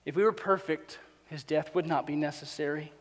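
A male pastor with a strikingly high voice preaches a sermon, moving between quiet, intimate asides and loud, piled-up exhortations. His steady, slightly fast delivery echoes with long reverb through a large church hall.

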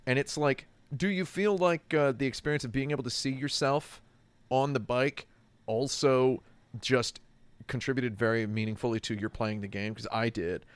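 A man's voice: mid-range voice, steady tone, normal speed, clean tone, no echo. A man in casual chat about a video game, rambling with restarts and acting out quotes.

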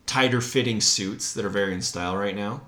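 A man co-hosting a casual film discussion podcast, animated and laughing often as he acts out scenes. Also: fairly low pitch, fairly quick. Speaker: podcast co-host.

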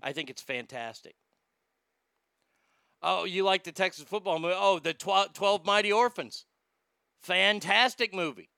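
A man hosts a talk podcast with a bright, forceful voice that is smooth and resonant. He reads listener comments and rants bluntly with plenty of swearing, jumping from loud outbursts to low muttering. The sound is dry and close. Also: a little slow, long pauses, no room sound. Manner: blunt, profane ranting. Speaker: podcast host. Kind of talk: casual chat reading listener comments.

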